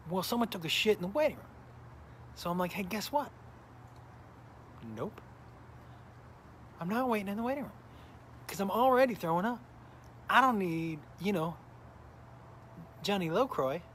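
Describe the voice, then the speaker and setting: Hosting a live smoking stream, a middle-aged comedian rambles through casual chat and a story, breaking off to say hello to viewers. He sounds tired and worn while recovering from illness, his voice slightly high for a man, with a faint hum of noise behind him.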